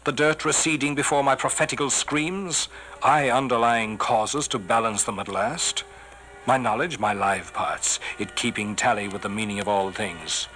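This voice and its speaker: A man giving a theatrical poetry recitation, swelling on some phrases and dropping to a hushed whisper on refrains. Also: mid-range voice, steady tone, normal speed, faint music behind, rough recording. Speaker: poetry reader.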